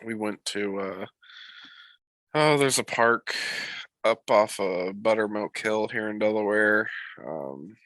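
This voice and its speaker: A man chatting on a podcast while sick with a cold, telling stories in a profane, animated way. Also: fairly low pitch, slow, no room sound, low-quality recording. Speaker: podcast co-host. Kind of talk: casual chat.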